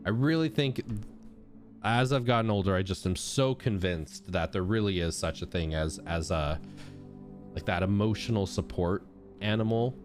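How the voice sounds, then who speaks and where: A young man chatting casually as he streams a game, thanking subscribers and reacting out loud. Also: lowish voice, normal speed. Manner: animated, chatty, shouts out subscribers. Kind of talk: casual gameplay commentary. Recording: game music playing behind.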